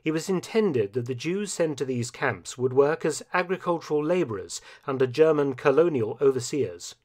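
A man reading a scripted historical narration in a measured, grave storytelling manner. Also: on the high side, expressive, darkish tone.

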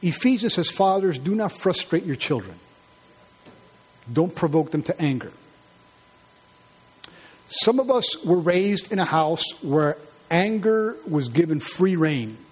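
A man preaching a sermon in an animated, conversational way, acting out quarrels in high mocking voices. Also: measured pace, long pauses, breathy edge.

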